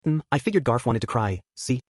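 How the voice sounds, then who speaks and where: A man's voice: mid-range voice, very animated, brisk, dry recording, studio quality. A man voicing a cheerful, playful little beast-girl who teases and talks about herself in the third person, reading an audiobook. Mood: teasing. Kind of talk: audiobook character voice.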